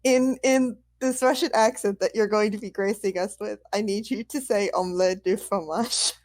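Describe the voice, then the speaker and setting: A woman's voice: medium pitch, fairly even intonation, moderate pace, darkish tone, dry recording. A woman at a tabletop game teases a fellow player in a playful mid-range voice. The recording is dry and close, with little room sound. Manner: playful, teasing. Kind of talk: casual chat at a tabletop game.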